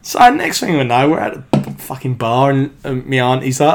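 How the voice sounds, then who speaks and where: A man, a podcast guest, telling anecdotes in casual chat, animated, swearing freely and laughing as he goes. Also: mid-range voice, normal speed, vocal fry, background noise.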